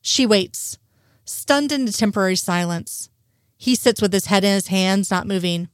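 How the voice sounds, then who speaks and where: A woman's voice: medium pitch, moderate pace, no echo. Casual: woman reading a story, average voice, dry close mic. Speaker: narrator. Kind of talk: reading fan fiction aloud.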